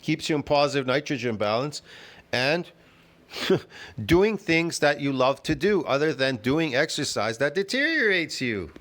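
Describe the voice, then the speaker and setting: A man's voice: on the high side, sing-song, measured pace, fairly bright tone. A man talking back to a video in argumentative reaction commentary, combative and scoffing, laughing at times and asking "get it?". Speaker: fitness vlogger reacting to a video.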